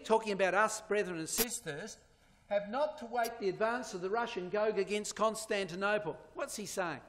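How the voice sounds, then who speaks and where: A man's voice: high-pitched, normal speed, fairly bright tone. A man giving a sermon-style Bible prophecy lecture to his congregation. He speaks emphatically, points at slides and asks rhetorical questions. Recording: long hall reverb.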